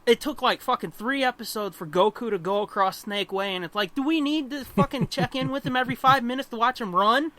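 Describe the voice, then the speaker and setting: A man co-hosts a casual podcast, talking in a bright, ringing tone. He rants with plenty of swearing and lively energy. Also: very high voice, a little fast, hardly any pauses. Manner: profane, animated ranting with laughter. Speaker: podcast co-host. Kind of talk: casual chat.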